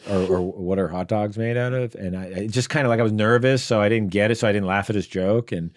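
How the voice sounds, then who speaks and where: A man's voice: on the low side, fairly even intonation, quick pace, no echo, clean studio sound. A male podcast co-host and actor, telling rambling, hesitant anecdotes full of restarts. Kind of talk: casual podcast chat.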